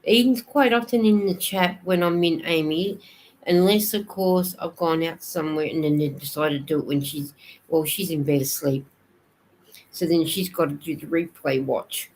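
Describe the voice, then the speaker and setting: A woman's voice: deep voice, normal speed, a little mellow, slight background noise, rough recording. An Australian woman chatting casually on a live stream, reading viewers' comments aloud and answering them as she goes.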